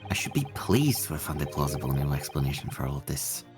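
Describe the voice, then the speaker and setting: A reader voicing an earnest young male defense lawyer in a casual fan reading of game lines, with a thoughtful, deliberate delivery. The voice sits very low yet moves around a lot, and music plays clearly in the background. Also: very animated.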